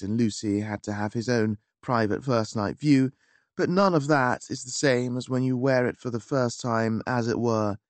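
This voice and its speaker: A man narrating a first-person story in a wry, measured, theatrical manner. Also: medium pitch, no room sound. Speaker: audiobook narrator. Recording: dry close studio.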